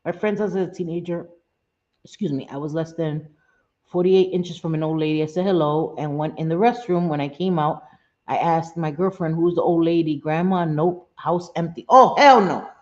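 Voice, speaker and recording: Her deep, dark voice stays steady at a moderate pace as this middle-aged woman hosts a casual livestream chat, freely answering viewers at home. She swears, chuckles a lot, and reads messages aloud over roomy, dull lo-fi stream sound.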